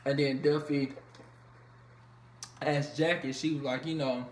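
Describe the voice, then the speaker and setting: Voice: medium pitch, fairly even intonation, a little slow. Profane chatty reviewer in an echoey room. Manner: loose, profane, chatty slang with many fillers. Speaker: reality TV reviewer. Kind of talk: casual episode recap. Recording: echoey room with faint background noise.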